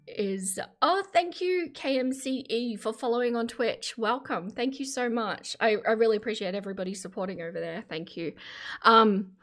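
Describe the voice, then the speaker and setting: A woman's voice: fairly high pitch, normal speed, soft background music. Woman host, thirties, chatty reaction-stream commentary. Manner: chatty, opinionated, thanks viewers warmly. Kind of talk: casual commentary livestream.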